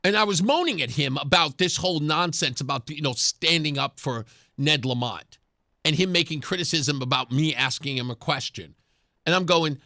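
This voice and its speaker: A man's voice: a little high, animated, normal speed, sharp tone, no room sound, clean studio sound. A man hosting a talk radio show, giving sarcastic political commentary and laughing often. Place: radio studio.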